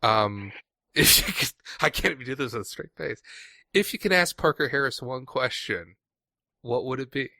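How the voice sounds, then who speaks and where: Bright-voiced joking male podcast host. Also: medium pitch, lively intonation, normal speed, no echo, clean studio sound. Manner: jokey, laughs often. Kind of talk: casual podcast chat.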